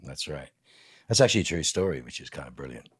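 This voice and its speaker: A man, an actor guest on a podcast, telling stories in a lively, emphatic casual interview. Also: a bass voice, fast, husky, dry recording, studio quality.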